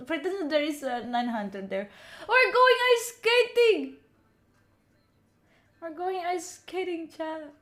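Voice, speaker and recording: Young woman streaming, chatting with her viewers and thanking them one by one, high bright voice, gets excited fast. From Italy. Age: young adult. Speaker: study streamer. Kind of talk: casual live-stream chat.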